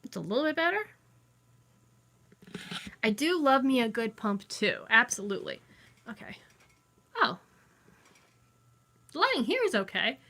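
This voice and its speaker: A woman's voice: fairly high pitch, very animated, unhurried, long pauses, pushed and bright. A young woman chatting casually with viewers from her home, rambling and losing her train of thought, recorded on a phone camera. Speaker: vlogger. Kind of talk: casual live chat with viewers. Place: inside a dim home.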